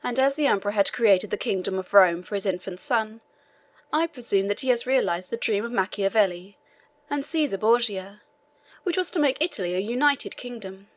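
A woman reads an elderly priest locked in a dungeon, earnest and persistent as he presses a visiting official. His voice sits at an ordinary middle pitch, plainly told in an audiobook style. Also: moderate pace, close to an everyday voice. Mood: pleading. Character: elderly imprisoned male Italian priest, eager, learned.

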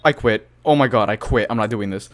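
A man's voice: lowish voice, brisk. A man giving horror gameplay commentary as a YouTuber, jumpy and panicky, gasping, swearing and laughing nervously. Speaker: gaming YouTuber.

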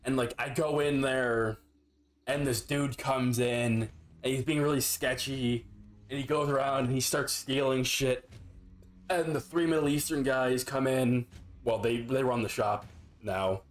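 A man's voice: mid-range voice, steady tone, a little slow. A young man streaming a game, telling a story in a rambling, profane, filler-heavy casual way. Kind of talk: casual storytelling while gaming.

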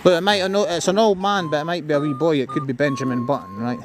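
A man's voice: a little high, fairly even intonation, quick pace, over music. A Scottish man vlogging outdoors while walking his dog, blunt and sweary, giving commands. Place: outdoors on a seafront by a road.

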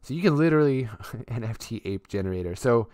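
A man's voice: medium pitch, expressive, a little fast, darkish tone, no echo, clean studio sound. A man streaming live and chatting casually as he shows things on screen. He rambles with lots of fillers and restarts and swears offhandedly. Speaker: streamer and artist.

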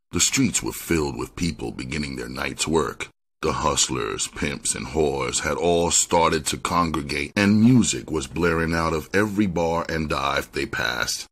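Deep husky male audiobook narrator. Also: fairly bright tone. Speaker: audiobook reader. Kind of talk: reading a crime novel aloud.

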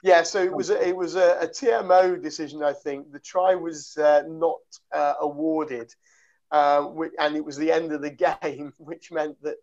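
A man's voice: a little high, steady tone, moderate pace, darkish tone. A man hosting a casual podcast chat, rambling and laughing through a story. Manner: rambling, full of fillers and laughter. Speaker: podcast host. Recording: dull lo-fi podcast audio.

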